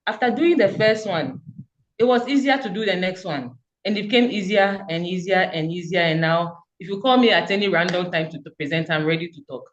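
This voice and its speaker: A woman's voice: lowish voice, a little fast, lo-fi sound. Earnest woman giving a fervent testimonial. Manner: fervent, repetitive, encouraging. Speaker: community member giving a testimonial. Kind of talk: earnest motivational speech.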